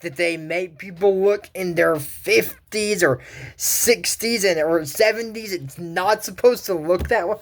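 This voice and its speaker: A man talks through a cartoon episode in a loose, unscripted recap. His delivery rambles, with fillers and restarts as he chases his train of thought. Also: high voice. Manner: rambling, full of fillers and self-corrections. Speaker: cartoon commentary host.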